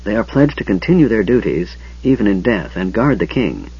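A proud elf nobleman speaks in a strangled, hushed voice, solemn with dread, as a male narrator plays him. The tone is husky, and the recording is dull and lo-fi. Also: lowish voice, sing-song, a little fast, full character voice. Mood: fearful.

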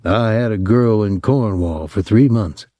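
A man voicing a young soldier who talks in a soft, lazy country drawl. The voice sits low and dark, wry and mocking. The sound is dry and close. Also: a little slow, dry recording. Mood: soft ironic.

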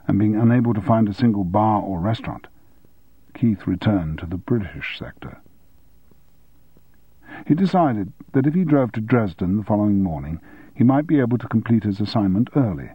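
A man reads a novel aloud in a measured, steady narration, his voice low and slightly husky. The recording is dry and close, with a dull, muffled top end. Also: no echo. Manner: measured, even storytelling. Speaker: audiobook narrator. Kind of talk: scripted audiobook narration.

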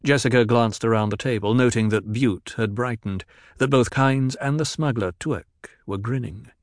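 A man narrating a story in a steady, even storytelling manner. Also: mid-range voice, moderate pace, no echo, studio quality. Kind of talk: scripted audiobook narration.

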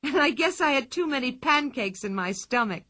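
A bold, cheeky girl in a storybook, chirping her nonsense high and bright as if it were plain fact, as a woman reader puts her on. Her voice jumps about in a lively way and she sounds completely sure of herself. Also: moderate pace, heavily acted. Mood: excited. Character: wild, cheerful, boastful girl.

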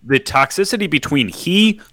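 A man's voice: on the high side, animated, normal speed, pushed and bright, dry recording. A man co-hosting a podcast, blunt and agreeable, chiming in during casual political chat.

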